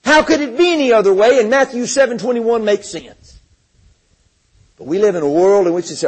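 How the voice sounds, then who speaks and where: Husky-voiced man preaching with emphatic repetition. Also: high voice, animated, brisk, long pauses, rough recording. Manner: emphatic, repeats words, reads scripture aloud. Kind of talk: sermon.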